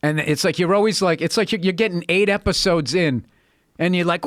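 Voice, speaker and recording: A man who is a guest comedian, ranting in casual podcast chat, animated and profane, and slipping into mocking voices. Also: high-pitched, fairly quick, no echo, studio quality.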